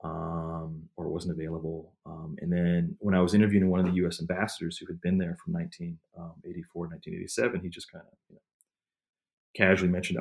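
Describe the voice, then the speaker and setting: A man with a very deep voice who talks fast, telling an interviewer about his research. He rambles, circles back and fills gaps with "um" and "you know". It sounds like loose, relaxed conversation. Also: gravelly. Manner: rambling, many fillers and restarts. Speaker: historian and author, interview guest. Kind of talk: casual conversational storytelling.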